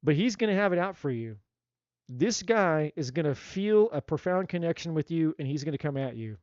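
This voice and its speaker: A man giving a live tarot reading in a blunt, animated way, swearing freely and acting out what people might say. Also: fairly high pitch, normal speed, dry recording, lo-fi sound. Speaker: tarot reader.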